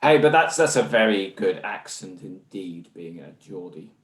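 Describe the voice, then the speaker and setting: A man's voice: low-pitched, expressive, normal speed. A man with an English accent, a guest in a conversational interview, talking in an earnest, discursive way. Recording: roomy echo.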